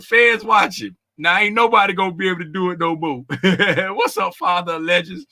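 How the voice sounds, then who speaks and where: A man with a high voice and vocal fry hosts a casual trading livestream at a measured pace, greeting viewers in the chat by name. He's loud and animated, laughing often, with slangy, conversational phrasing.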